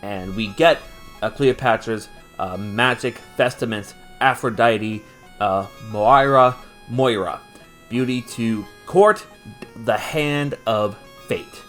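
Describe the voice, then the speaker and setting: A man's voice: medium pitch, slow. A man with an average, mid-range voice talks through an anime episode like he's chatting with a friend. He stumbles over fillers, laughs easily and swears without a second thought. Faint music plays under him. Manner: gets animated and opinionated. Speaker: podcast host recapping an anime. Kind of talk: casual episode recap.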